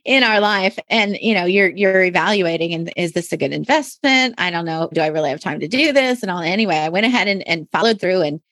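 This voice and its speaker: A woman's voice: fairly low pitch, animated, a little fast, hardly any pauses, fairly bright tone, dry recording. Woman, podcast host, earnest, heartfelt, restarts sentences, dry close sound. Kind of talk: faith-based business podcast conversation.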